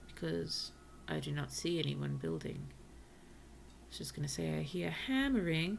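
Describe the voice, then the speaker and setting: A woman streamer chatting casually through a cozy game, talking to her villagers and often dropping to soft whispers. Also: lowish voice, vocal fry, slight background noise. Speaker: VTuber streamer. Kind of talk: casual gameplay commentary.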